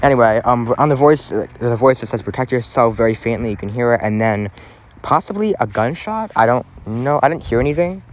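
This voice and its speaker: A man's voice: medium pitch, animated, fairly quick, a little hiss or hum. Rambling man talking true crime. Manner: rambling, many fillers and restarts. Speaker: true crime podcast host. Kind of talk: casual true crime chat.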